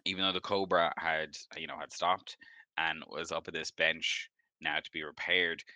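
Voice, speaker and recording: A man's voice: very deep voice, flat delivery, normal speed, bright, forceful tone, no echo. A man narrating as game master of a tabletop game, describing scenes in a rambling way with many fillers.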